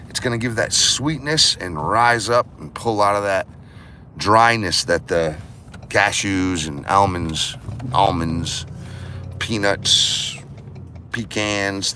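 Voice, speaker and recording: A man's voice: on the low side, a little slow, pushed and bright. A man vlogs in a loose, rambling way, swearing and joking as he goes. He is in a vehicle, with a faint hum of noise underneath. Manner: rambling, profane, jokey. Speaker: vlogger. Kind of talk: casual vlog chat.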